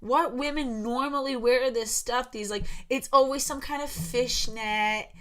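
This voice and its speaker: A woman's voice: fairly high pitch, steady tone, a little slow. A woman giving casual, sarcastic commentary while reading posts aloud, drawling and laughing often. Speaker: online commentator.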